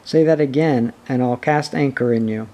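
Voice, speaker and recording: A man's voice: mid-range voice, moderate pace, dark tone, close to an everyday voice. A man reading aloud as a cocky, boastful storybook boy who crows and plays games. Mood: mocking. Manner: crowing, playful.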